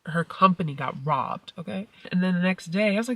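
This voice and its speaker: A middle-aged woman vlogging casually to her viewers, telling a family story and acting out the quoted lines with sudden high-pitched outbursts. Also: a little fast, hardly any pauses, dry recording, distant mic. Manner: animated storytelling, acts out quotes with big pitch jumps. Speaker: mommy vlogger. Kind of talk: casual vlog talk.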